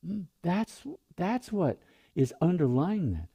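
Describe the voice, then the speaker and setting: A man teaching meditation, speaking slowly and gently in a guided meditation talk. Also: mid-range voice, expressive. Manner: slow, gentle, soft-spoken, drawn-out phrasing.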